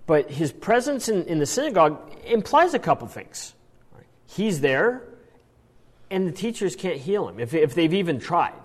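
A man teaching a Bible passage in an animated sermon style, often restarting his phrases. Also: fairly high pitch, moderate pace, in a large hall. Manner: animated, acts out quoted lines, frequent restarts. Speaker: preacher.

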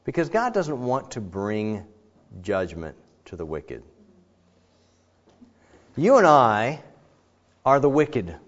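A man's voice: mid-range voice, slow pace, pauses often. Conversational male preacher, slightly muffled recording. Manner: conversational, animated, with many fillers and restarts. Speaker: pastor. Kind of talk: sermon.

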